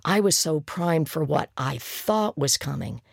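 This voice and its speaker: A reader voicing a once-shy young man who now gushes about a date in an audiobook, in a gravelly, conspiratorial manner. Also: a little high, expressive, a little slow, no room sound, clean studio sound, exaggerated voice. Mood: gushing. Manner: hesitant then gushing, conspiratorial. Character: shy young man turned chatty boaster. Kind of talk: audiobook character voice.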